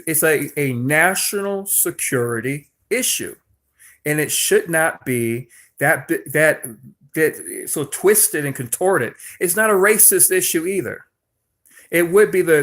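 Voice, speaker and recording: A man's voice: on the high side, a bit bright. A man delivering a political commentary monologue in an emphatic, repetitive, preachy way, often restarting his sentences. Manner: frequent restarts and stumbles.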